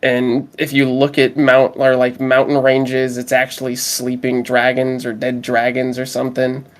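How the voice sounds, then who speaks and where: A man co-hosts a podcast in relaxed, casual conversation. He jokes and swears freely in a laid-back way. His voice sits at an ordinary middle pitch. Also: unhurried. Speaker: podcast co-host. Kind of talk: casual chat.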